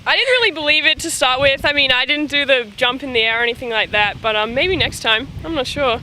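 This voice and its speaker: A young Australian woman answers casually and hesitantly, filling her speech with ums and yeahs. Her voice is bright and slightly high, with a faint hiss in the recording. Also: lively intonation, fast, poor audio. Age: young adult. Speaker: college golfer being interviewed. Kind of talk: casual interview chat.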